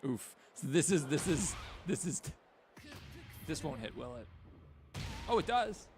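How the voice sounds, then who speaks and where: A man's voice: medium pitch, unhurried, a little mellow, faint music behind. A man streaming a fighting game, chatting casually and reacting with laughter. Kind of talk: casual gameplay chat.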